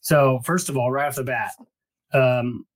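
A man co-hosting a book podcast, reading passages aloud and chatting casually, recorded in a small closet. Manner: reads the epigraph slowly and low, then chats playfully. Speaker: podcast co-host.

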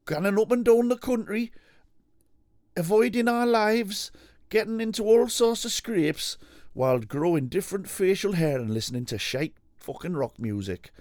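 A man acting out a pair of ageing rock-loving mates swapping sweary banter. The voices are raised well above his normal pitch and have a bantering lilt. The sound is dry and close to the mic. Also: lively intonation, normal speed, a little mellow, dry recording. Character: two bickering ageing rock-loving blokes.

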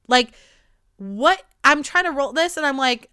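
A woman in her twenties telling a rambling, animated story in a casual monologue, swearing freely. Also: sits high, unhurried. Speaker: podcast host.

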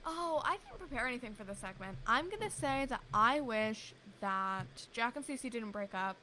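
Bright-voiced young woman, teasing chat. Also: fairly high pitch, lively intonation, normal speed, slight background noise, rough recording. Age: young adult. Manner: playful, teasing, rambling. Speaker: podcast co-host. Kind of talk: casual chat.

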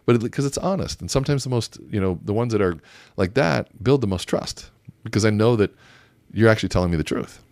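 A man teaching a method for conversation, telling lively stories and acting out both sides of his exchanges. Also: on the low side, a little fast, no room sound. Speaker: communication coach. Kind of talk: teaching talk with acted-out examples.

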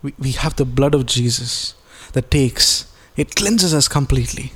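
A male pastor delivers a sermon in an earnest voice of middle pitch. He reads scripture aloud and explains it in plain terms. He repeats key phrases for emphasis. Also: a little slow, a bit bright, breathy edge.

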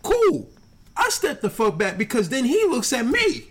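A man's voice: very high-pitched, huge pitch swings, a little slow, slightly rough. A man on a podcast as a guest, telling a story in casual chat. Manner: storytelling, swings his voice a lot.

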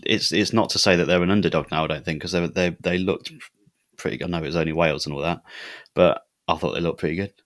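Low voiced bloke chatting footy, loads of ums. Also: male voice, fast. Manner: relaxed, lots of fillers and repeats. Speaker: podcast co-host. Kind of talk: casual football chat.

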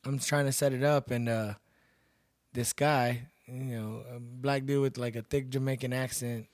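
A man from Texas tells his stories in a loose, casual way and gets louder when he acts out what people said. His voice sits at a middle pitch. It is recorded close and dry, with no room sound. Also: normal speed, no echo. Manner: animated, acts out quoted lines loudly. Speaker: bouncer and MMA fighter, podcast guest. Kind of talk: casual storytelling.

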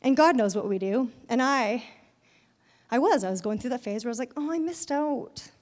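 A young woman giving a conversational sermon, telling a personal story with lively voiced quotes. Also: on the high side, fairly quick, in a large hall. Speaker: speaker at a church event.

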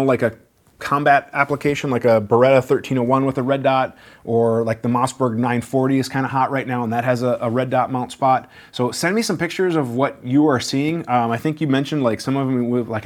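A man hosting a question-and-answer show, talking in a relaxed, conversational way with frequent fillers and self-corrections. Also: mid-range voice. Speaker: firearms Q&A show host. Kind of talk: casual question-and-answer talk.

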